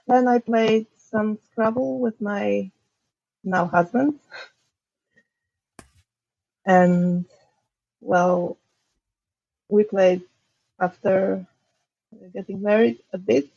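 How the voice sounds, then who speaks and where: A young woman from Poland talks slowly and hesitantly as a podcast guest, with a gravelly edge to her voice. The recording is dry and a little dull. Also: mid-range voice, fairly even intonation, darkish tone, no echo. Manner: hesitant, halting, laughs often. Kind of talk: casual chat.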